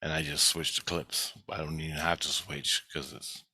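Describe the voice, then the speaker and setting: A man's voice: rumbling low, flat delivery, normal speed, bright, forceful tone, slightly rough, dry recording. A man telling a dream story in a rambling, profane way, acting out the other people's voices. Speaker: vlogger.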